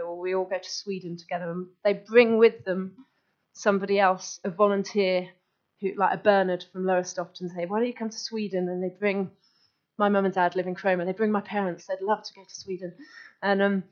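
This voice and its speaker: A woman giving an enthusiastic, chatty live talk to an audience as a guest speaker, restarting her sentences as she goes. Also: mid-range voice. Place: meeting room with audience. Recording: dull lo-fi live recording.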